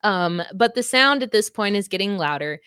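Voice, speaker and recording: A woman's voice: mid-range voice, lively intonation, moderate pace, pushed and bright, smooth, no echo, studio quality. A woman co-hosting a book club podcast, recapping a novel in casual chat, laughing often and swearing freely.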